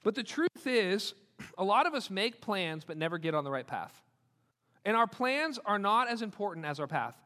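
A bright, high-pitched male pastor delivers a sermon with animated, repeated emphasis. His voice rings through the long reverb of a large hall. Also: normal speed. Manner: animated, repeats points for emphasis, acts out quoted people.

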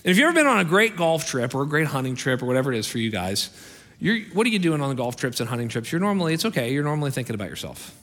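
A man preaching a sermon as pastor, telling a story with animated emphasis and soaring pitch on key points. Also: very fast. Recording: long reverb in a large hall.

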